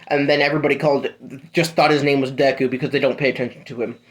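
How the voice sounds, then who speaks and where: A man's voice: medium pitch, steady tone, rapid-fire. A young man casually improvising a fan-fiction story, rambling with lots of fillers and swearing.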